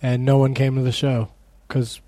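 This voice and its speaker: A man's voice: medium pitch, level tone, moderate pace, dark tone, no room sound. A man, a comedian co-hosting a food show, chatting casually with dry, self-mocking jokes. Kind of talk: casual joking chat.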